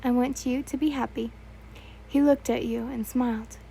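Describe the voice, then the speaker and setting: A woman's voice: a little high, fairly even intonation, normal speed, gravelly, dark tone, slight background noise, rough recording. Casual young woman reading fan fiction. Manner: casual, stumbling reading with self-corrections and asides.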